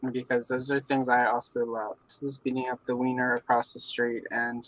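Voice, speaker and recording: A woman's voice: a bass voice, level tone, normal speed, rough recording. A woman from the American South with a Southern accent, hosting a casual livestream and greeting viewers by name. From Southern United States. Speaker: livestream host. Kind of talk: casual chat while coloring on stream. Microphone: streaming setup.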